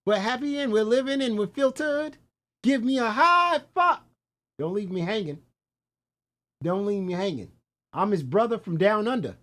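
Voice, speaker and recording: A man's voice: sits high, animated, moderate pace, pauses often, fairly bright tone. A man on a stream doing a put-on Australian accent, voicing a boastful made-up brother from down under who rambles and trips over his words. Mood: joking boastful. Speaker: stream commentator.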